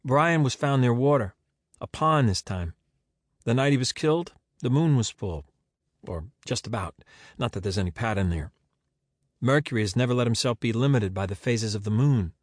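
A man's voice: medium pitch, expressive, moderate pace, no room sound, clean studio sound, lightly acted. A man voicing a patient, persistent woman investigator who keeps probing with questions.

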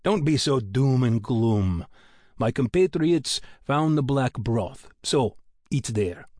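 A man voicing a cheerful, easygoing male oil engineer who talks in an unhurried, upbeat way. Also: mid-range voice, level tone, vocal fry, breathy edge, no echo, clean studio sound, exaggerated voice. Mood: breezy.

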